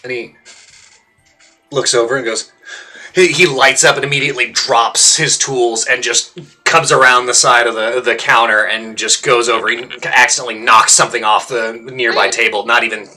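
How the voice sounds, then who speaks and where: A man's voice: medium pitch, bright, forceful tone. A man narrating as the game master of a tabletop game, describing scenes in a loose, filler-filled way.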